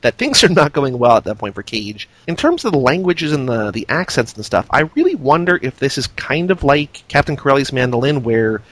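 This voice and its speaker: A man's voice: medium pitch, big pitch swings, fairly quick, few pauses, fairly bright tone, no room sound. A man hosting a film podcast, talking through a movie in a casual, analytical, rambling way.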